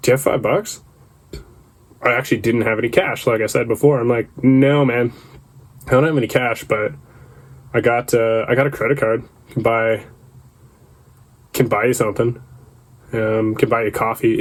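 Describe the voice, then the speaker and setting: Rambling man telling a story on a podcast. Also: medium pitch. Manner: rambling, swearing, laughing at himself; acts out the people in his stories. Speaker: podcast host.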